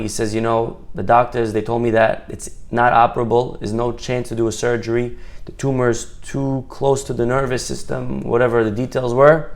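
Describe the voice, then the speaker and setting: A man telling a story in a Torah talk, acting out the characters and stretching words for emphasis. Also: medium pitch.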